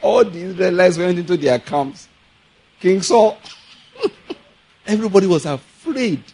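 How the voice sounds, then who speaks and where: A Nigerian man preaching a sermon, telling stories in a lively way, laughing often and mixing in pidgin. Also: high voice, a little slow, slightly rough. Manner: animated storytelling, laughs often, mixes in pidgin. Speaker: pastor.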